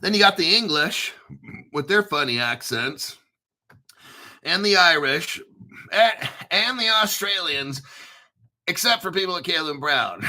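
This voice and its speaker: A foul-mouthed man in his fifties hosting a crypto livestream with a rambling, ranting delivery. His voice is somewhat high for a man and has a piercingly bright, tense edge. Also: very animated, unhurried. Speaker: crypto channel host. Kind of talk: profane livestream rant.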